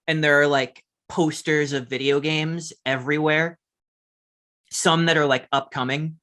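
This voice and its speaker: A man's voice: a little high, fairly even intonation, measured pace, bright, forceful tone. A man narrating as game master of a tabletop game, describing scenes casually with lots of fillers.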